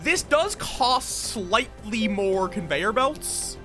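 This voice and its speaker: Man, game streamer, high voice, unhurried, chatty, thinks out loud. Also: lively intonation, music in the background. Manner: chatty, greets chat while building, thinks aloud. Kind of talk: casual live-stream commentary.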